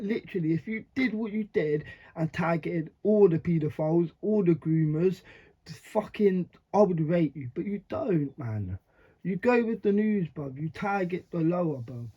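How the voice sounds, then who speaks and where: A man's voice: on the high side, expressive, a little slow, husky. A man giving blunt, slangy reaction commentary, swearing often and laughing between remarks. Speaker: reaction video host. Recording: dull lo-fi sound.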